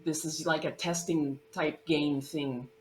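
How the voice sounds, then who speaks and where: A woman's voice: sits low, fairly even intonation, a little slow, slight background noise, rough recording. A woman playing a character in a tabletop game, reasoning aloud in a matter-of-fact way. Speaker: player.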